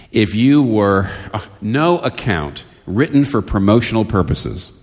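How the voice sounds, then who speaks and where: A man's voice: on the low side, big-room sound. A man preaching a sermon, earnest and building to impassioned questions.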